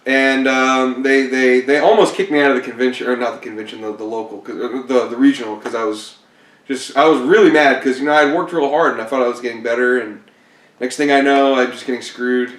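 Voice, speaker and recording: A man's voice: medium pitch, steady tone, a little fast. A man casually telling stories about his card game tournaments, laid-back and self-deprecating, laughing often. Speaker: competitive card game player. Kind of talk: casual storytelling interview. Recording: roomy echo, mic at a distance.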